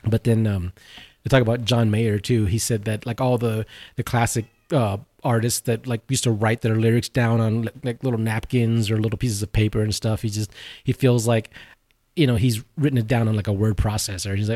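A laid-back man in casual podcast chat, teasing his co-host and recounting a film loosely with many fillers. His voice sits fairly low. The sound is dry, with no room echo. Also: fairly even intonation, a little fast, darkish tone.

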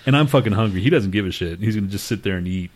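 A man's voice: fairly low pitch, animated, very fast. A man hosting a podcast in casual chat, crude and joking, swearing often and laughing a lot. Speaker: podcast host.

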